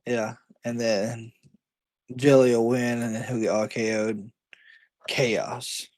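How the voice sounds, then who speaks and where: A man co-hosting a wrestling podcast in casual chat, relaxed and often giving brief agreeing replies. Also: mid-range voice, takes it slowly, no room sound.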